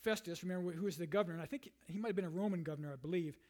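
High-voiced preacher man, chatty sermon. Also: rapid-fire. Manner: conversational, repeats words and restarts, many "you know"s; reads scripture aloud and paraphrases it in a lively way. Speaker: pastor.

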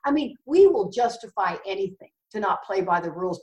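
A woman's voice: medium pitch, expressive, brisk, hardly any pauses, a little mellow. A woman gives a candid recovery talk, blunt and self-mocking yet earnest. Her voice carries an echo, picked up from some distance off the mic. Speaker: recovery speaker.

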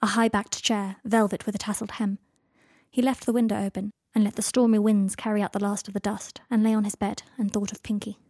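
A woman reads a story aloud at an ordinary middle pitch. Her narration stays steady and even. The recording is dry, with no room around her. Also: brisk, no room sound. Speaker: audiobook narrator. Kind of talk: fan fiction audiobook reading.

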